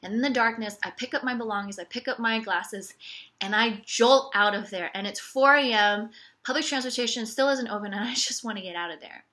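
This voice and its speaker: A woman's voice: on the high side, a little fast, pushed and bright. A woman telling a personal story on her podcast in a candid, sarcastic way, full of casual fillers. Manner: candid, wry and sarcastic, repeating 'it's okay' ironically; conversational with frequent 'like' and 'you know'.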